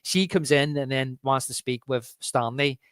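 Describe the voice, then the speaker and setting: A man's voice: medium pitch, unhurried, a bit bright, clean tone, dry recording, clean studio sound. A man co-hosting a podcast, chatting casually and animatedly, often acting out lines and laughing. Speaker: podcast co-host. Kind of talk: casual film chat.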